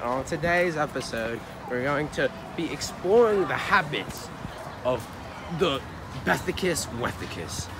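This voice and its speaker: A young man hosting a joke wildlife show, narrating in a hammy mock-documentary style and bursting into shouts and laughter. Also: a little high, very animated, unhurried. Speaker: host of a joke nature show. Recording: noisy outdoor phone recording.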